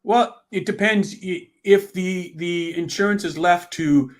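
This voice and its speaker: A man's voice: high-pitched, measured pace. A man, a guest author in a conversational interview, who rambles, restarts often and acts out complaining heirs. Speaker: author and guest on estate planning.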